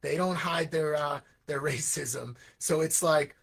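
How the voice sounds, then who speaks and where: A man who is an English teacher and founder of an education program, speaking in a live, energetic monologue with frequent asides. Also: a little high, unhurried, vocal fry, husky. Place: Hong Kong.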